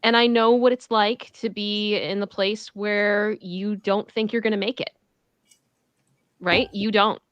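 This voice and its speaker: A woman co-hosting a casual livestream chat, earnest, firm and measured. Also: medium pitch, steady tone, no echo, muffled recording. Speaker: co-host.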